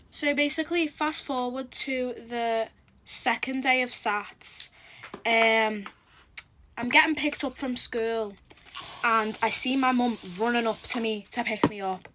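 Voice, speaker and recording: A woman telling a personal story in casual storytime chat, expressive and full of "like". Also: fairly high pitch, a little hiss or hum. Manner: chatty, expressive, heavy use of "like", acts out quotes. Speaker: storytelling vlogger.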